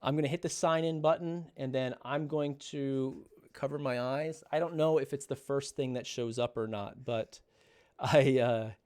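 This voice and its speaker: A man's voice: medium pitch, normal speed, a little mellow, smooth. Nervous man narrating a livestream. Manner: talks to family off-mic while narrating; nervous, jittery. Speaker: streamer revealing exam results. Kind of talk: casual livestream talk.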